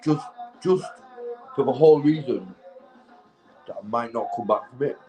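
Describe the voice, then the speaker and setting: British guy high on stream, rambly and sweary, laughs a lot, bit of music in the back. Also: moderate pace, mellow, rough recording. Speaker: livestreamer. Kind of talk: rambling casual livestream chat.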